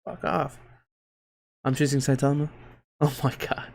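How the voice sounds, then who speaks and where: A man hosting a casual livestream, reading out market moves in a loose, joking, profane, slangy way with hype shouts. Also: mid-range voice, little pitch movement, unhurried, gravelly. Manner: hype shouts and laughs while reading tickers. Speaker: crypto livestream host.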